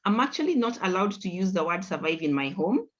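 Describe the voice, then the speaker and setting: A woman's voice: on the low side, sing-song, fairly quick. A middle-aged woman hosts a conversational panel discussion, speaking in an earnest, reflective way and repeating points for emphasis. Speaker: host. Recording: dull lo-fi audio.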